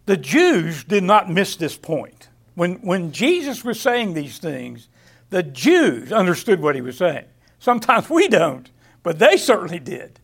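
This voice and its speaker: A man's voice: high voice, very animated, gravelly, breathy edge. A man teaching a Bible lesson, reading verses aloud and often restarting his phrases. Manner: halting, repeats words, reads scripture aloud. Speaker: preacher. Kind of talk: Bible study sermon.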